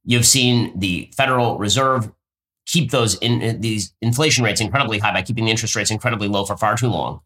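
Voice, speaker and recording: A man hosting a political commentary show, talking in an emphatic, sardonic, rapid-fire way. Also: medium pitch, sharp tone. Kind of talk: fast political commentary with ad reads.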